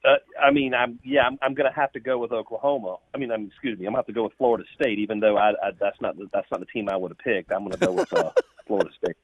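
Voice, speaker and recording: A man calling in as a guest on a radio sports show, talking in a rapid, self-deprecating way and often stumbling over his words. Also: lowish voice, breathy edge, dry recording. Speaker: guest on call-in. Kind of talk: casual radio chat. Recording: tinny phone line.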